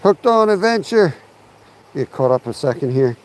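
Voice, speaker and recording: A man's voice: fairly high pitch, big pitch swings, moderate pace, darkish tone, rough recording. A man hosting a fishing livestream outdoors, rambling casually and chatting with his viewers through a chest-mounted mic. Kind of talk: casual live-stream chat while fishing outdoors. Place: outdoors by a lake and creek. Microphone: chest-mounted camera mic.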